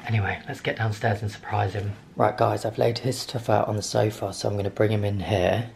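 A man's voice: lowish voice, steady tone, fairly quick, gravelly, few pauses. A British man filming a home vlog, chatting to his dog in a sing-song baby-talk way from a camera set on a chair in his living room. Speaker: vlogger and dog owner. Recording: echoey room with background noise.

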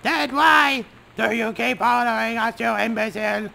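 Man playing a bold female sea captain, higher voice, yelling. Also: little pitch movement, moderate pace, lightly acted. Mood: indignant. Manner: indignant yelling. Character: bold female ship captain, young heroine.

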